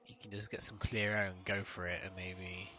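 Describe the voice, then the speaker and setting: A man giving casual live commentary on an online race, relaxed and chatty, laughing often. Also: low-pitched, normal speed.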